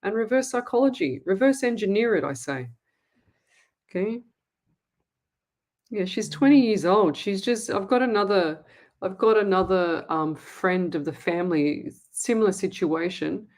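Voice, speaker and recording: A woman's voice: medium pitch, lively intonation, moderate pace, a little mellow. An Australian woman hosting a live-stream, reading out viewer comments and answering them in a blunt, emphatic way. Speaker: psychic medium host.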